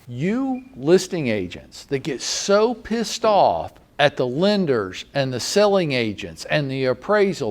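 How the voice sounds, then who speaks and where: Blunt, animated Southern man. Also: mid-range voice, unhurried, few pauses. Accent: Southern American. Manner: blunt, sarcastic, mock-scolding. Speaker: real estate broker presenting to agents. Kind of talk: animated training talk.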